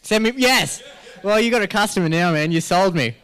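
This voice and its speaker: A man's voice: high-pitched, animated, brisk, a bit bright, clear, resonant tone. An Australian man hosting a live event as MC, joking and rambling through stories while laughing often. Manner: joking, rambling storyteller who laughs a lot. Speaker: MC at a health summit.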